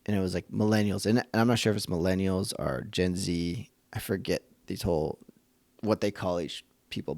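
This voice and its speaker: A man's voice: low-pitched, vocal fry, a little mellow, dry recording. A man hosting a faith-based parenting podcast, talking earnestly in a conversational, thinking-aloud way. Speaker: podcast host and father.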